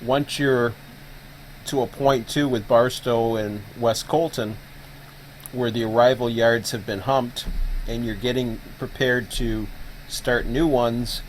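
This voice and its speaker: A man's voice: medium pitch, slight background noise, poor audio. A man hosting a live stream who explains a setup casually, thinking aloud with plenty of fillers. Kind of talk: casual screen-share explanation.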